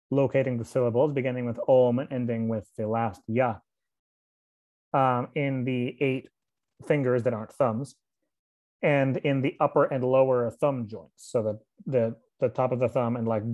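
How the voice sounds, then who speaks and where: Man, scripture reading, measured pace, explanatory asides, occasional fillers, middle pitch. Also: a little mellow. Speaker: reader and teacher of scripture.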